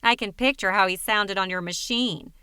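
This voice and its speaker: A woman's voice: mid-range voice, normal speed, sharp tone, clean tone, no room sound, close to an everyday voice. A woman voicing a wry, neurotic young woman in a dry manner in an audiobook reading.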